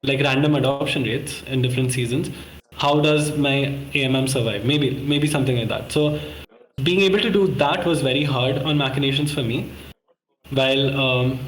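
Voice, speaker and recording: A man's voice: medium pitch, moderate pace, a little hiss or hum. Chatty man on an echoey call. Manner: rambling, self-correcting, many fillers. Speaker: course participant presenting a model. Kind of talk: casual screen-share walkthrough.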